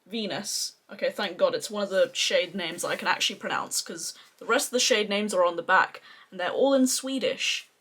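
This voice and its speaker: A chatty Australian woman talks through her favourite eyeshadows in a casual beauty review. She gushes freely, sitting at an ordinary, middling pitch. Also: moderate pace, few pauses, a bit bright, slightly rough. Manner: gushing, chatty, effusive. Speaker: beauty vlogger.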